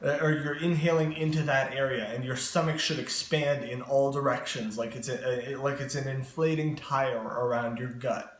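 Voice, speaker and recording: A man's voice: mid-range voice, steady tone, normal speed. A man giving casual spoken voice lessons, explaining breathing earnestly with frequent fillers. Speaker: voice coach vlogger. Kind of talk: casual instructional talk. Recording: echoey room with faint ambience.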